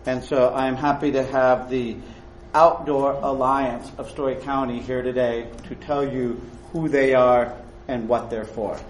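A man's voice: medium pitch, level tone, unhurried. A man giving an informal welcome to a group outdoors as an education coordinator, a bit hesitant. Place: outdoors in a park. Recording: roomy field recording with faint ambient noise.

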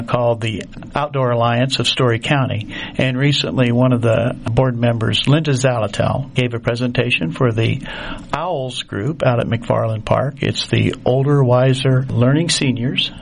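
A man's voice: mid-range voice, moderate pace, gravelly. An older man chatting in a radio studio, telling folksy stories about wildlife as the show's nature reporter. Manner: folksy storytelling. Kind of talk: casual radio chat.

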